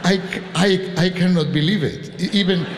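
Spanish-accented conductor in a reverberant hall. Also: male voice, high-pitched, normal speed, a little hiss or hum. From Spain. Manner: chatty, laughing, with many restarts. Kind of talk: informal speech to a concert audience. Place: large concert hall. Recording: long hall reverb from a stage.

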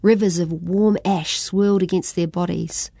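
Brief: New female storyteller, steady expressive narration, mellow tone. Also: on the low side, normal speed, gravelly, no room sound, studio quality. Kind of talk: children's story reading.

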